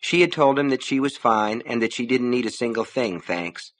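A man reading a novel aloud as narrator, in measured storytelling. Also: medium pitch, expressive, fairly bright tone. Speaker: audiobook narrator. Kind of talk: scripted narration.

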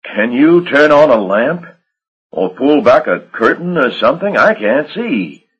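A man voicing a hot-tempered, blunt riverboat captain who talks loud and gruff. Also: mid-range voice, sing-song, measured pace, highs cut off, voice pushed up, heavily acted. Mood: pleading. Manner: gruff, blunt, raises his voice.

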